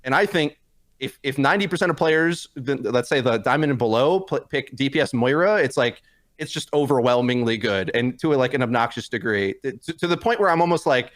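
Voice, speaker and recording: A man's voice: medium pitch, expressive, brisk, a bit bright. Rambling man in a gaming chat. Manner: rambling, many restarts and fillers. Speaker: podcast guest. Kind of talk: casual gaming discussion.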